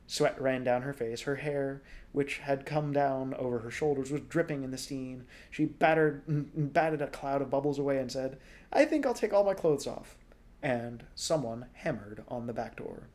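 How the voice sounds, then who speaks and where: A man reading a storybook aloud in a relaxed way, now and then correcting small slips. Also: mid-range voice, normal speed. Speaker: audiobook reader.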